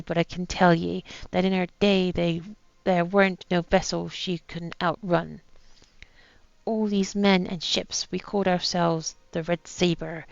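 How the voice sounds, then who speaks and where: A woman voicing a dying, boastful old male pirate captain in a put-on rough pirate accent, reading his journal aloud. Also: on the low side, dry recording, highs cut off.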